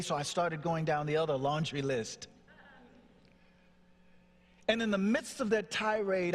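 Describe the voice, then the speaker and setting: A man's voice: fairly high pitch, fairly even intonation, unhurried, pauses often. Dramatic male storyteller in a hall. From Nashville, Tennessee. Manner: dramatic storyteller, acts out voices. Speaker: motivational speaker. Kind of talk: storytelling talk on stage. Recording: long hall reverb.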